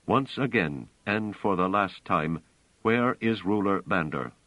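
A man's voice: deep voice, a little slow, no echo, exaggerated voice, low-quality recording. A man doing a cold, commanding guardian robot. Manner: flat, commanding.

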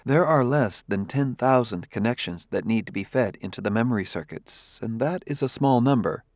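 A man doing a gentle, formal partner. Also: mid-range voice, animated, normal speed, dry recording, studio quality, lightly acted. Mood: calm. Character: calm, formal male partner.

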